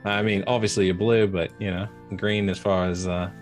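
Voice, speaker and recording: A man's voice: deep voice, flat delivery, normal speed, soft background music. A man playing a tabletop role-playing game, speaking in character hesitantly with many fillers. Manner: hesitant, many uhs and you-knows. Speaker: player.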